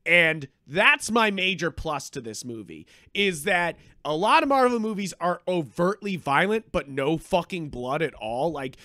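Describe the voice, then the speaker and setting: A man co-hosting a podcast, chatting casually about a film, animated and swearing freely as he acts out reactions. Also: fairly high pitch, unhurried, few pauses, no echo, clean studio sound. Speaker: podcast co-host. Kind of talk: casual movie review chat.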